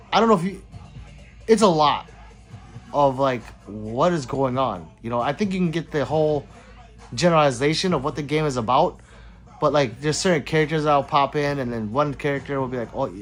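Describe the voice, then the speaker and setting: A man with a fairly high, animated voice hosts a casual livestream, reading out viewer comments and answering them with easy laughs. Faint music plays low behind him. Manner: chatty, laughs often, reads comments aloud in a lively voice. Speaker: livestream host reading chat.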